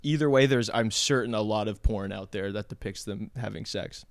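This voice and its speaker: A man co-hosting a casual podcast chat, talking fast and excitedly, stumbling over his words, with crude jokes. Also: fairly low pitch, vocal fry, smooth, no echo, studio quality. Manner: crude, joking. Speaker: podcast co-host.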